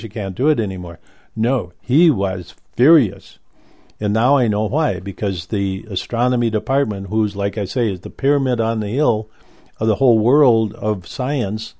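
With a lowish voice and a dark tone, an older man tells a casual story from his past. He rambles, often pausing and starting over.

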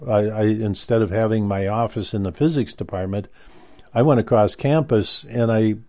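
A man's voice: fairly low pitch, moderate pace, warm tone. An older man telling a story about his past in a casual, rambling way, often stopping and restarting. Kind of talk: casual spoken recollection.

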